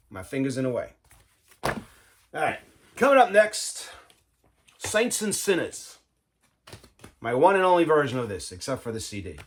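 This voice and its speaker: A man's voice: medium pitch, a little hiss or hum. A man, casually talking viewers through his record collection, enthusiastic and loose, saying "man" and "all right" a lot. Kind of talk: casual show-and-tell vlog.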